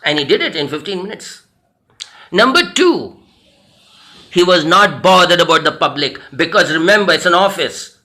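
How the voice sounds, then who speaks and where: A man's voice: high-pitched, sing-song, normal speed, long pauses, sharp tone. A man with an Indian English accent, a personality development trainer telling a story in a motivational talk, earnest and repeating phrases for emphasis.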